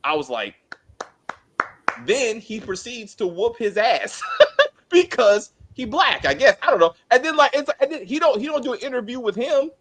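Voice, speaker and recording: A man's voice: very high voice, very animated, moderate pace, a bit bright. A man co-hosting a spoiler review of a TV show, ranting in exasperated, profane casual chat.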